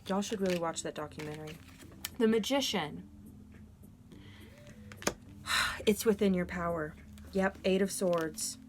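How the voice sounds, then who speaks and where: A woman's voice: on the low side, measured pace, long pauses, a little hiss or hum. A woman giving a collective tarot reading, earnest and emotional, encouraging her viewers directly. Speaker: tarot reader.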